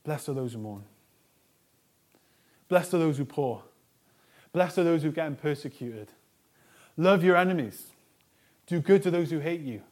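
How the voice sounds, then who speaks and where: A pastor preaches a sermon earnestly, stressing repeated lists. He shifts between a soft, low voice and loud emphasis, staying animated at a moderate pace with long pauses.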